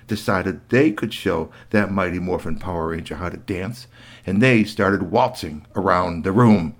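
A man telling an improvised story to a child, animated and playful, swinging from squeals to hushed tones. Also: on the low side.

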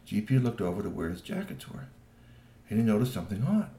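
A man's voice: fairly low pitch, fast talker, reverberant. A man telling a children's story aloud, addressing the listeners directly. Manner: lively, talks to listeners directly.

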